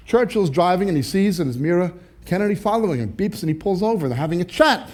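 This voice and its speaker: A man preaching, telling jokes with animated timing and then reading scripture slowly and deliberately. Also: high-pitched. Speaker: pastor.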